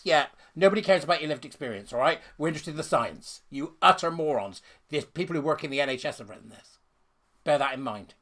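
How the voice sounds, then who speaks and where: A man's voice: fairly high pitch, fairly bright tone. A man giving scornful, sarcastic ranting commentary while reading out a letter.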